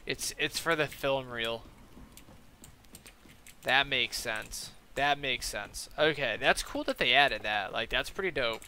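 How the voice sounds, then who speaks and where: A man's voice: mid-range voice, takes it slowly, pushed and bright, a little hiss or hum. A young man streaming a game, chatting casually in a rambling, profane way full of fillers. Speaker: gaming streamer. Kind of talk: casual chat while playing a game.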